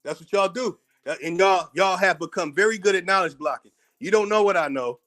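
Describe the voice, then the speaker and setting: A man's voice: sits high, brisk, a bit bright. An American man hosting his own channel, delivering a heated, profane commentary rant, combative and repeating words as he gets worked up. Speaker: channel host.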